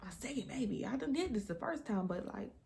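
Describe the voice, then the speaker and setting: A young woman telling her birth story in a casual storytime vlog, animated and candid, talking straight to her viewers and dropping into hushed asides. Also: medium pitch, fast talker, gravelly, a little hiss or hum. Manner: animated and candid, often drops into hushed asides and laughs at herself; talks straight to viewers with frequent y'all.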